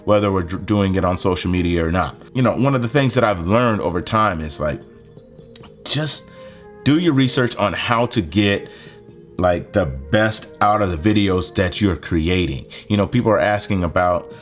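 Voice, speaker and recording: A young man casually explaining a phone video-editing setup and a plug-in mic, with lots of fillers. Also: fairly low pitch. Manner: relaxed, conversational, lots of fillers. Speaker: tech video creator. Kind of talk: casual gear tutorial. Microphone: handheld phone mic.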